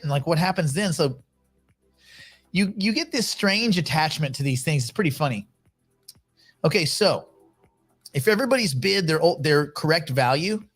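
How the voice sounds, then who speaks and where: A man casually hosting a livestream, talking in a rambling, chatty way with frequent restarts. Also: a little high. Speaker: livestream host.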